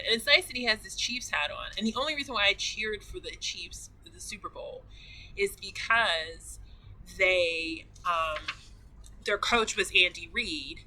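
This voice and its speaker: A woman's voice: medium pitch, sharp tone, rough recording. A woman vlogger chatting casually and gushingly, rambling with many restarts. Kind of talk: casual chat.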